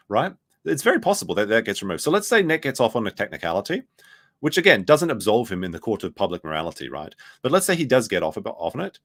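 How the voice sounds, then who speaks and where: A man's voice: lowish voice, fairly bright tone. Sarcastic rambling male commentator. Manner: sarcastic, rambling, mimics others in quotes. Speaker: commentary streamer. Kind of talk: mocking commentary on clips.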